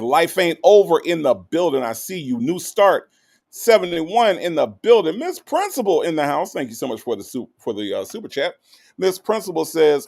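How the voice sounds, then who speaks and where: A man hosting a casual livestream, reading out viewer comments and greeting them one by one in a teasing, animated way. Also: medium pitch, normal speed, creaky. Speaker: livestream host.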